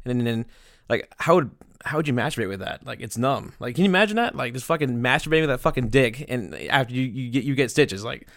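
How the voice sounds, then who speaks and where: A man's voice: mid-range voice, lively intonation, fast talker, a bit bright, no room sound, studio quality. A young man producing a podcast, wrapping up the show in a rambling, crude, joking way with lots of fillers. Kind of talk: casual podcast chat.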